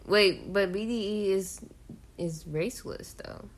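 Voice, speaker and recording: A young woman co-hosting a casual chat, speaking softly and asking questions. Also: mid-range voice, measured pace. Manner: soft-spoken, questioning. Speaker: podcast co-host.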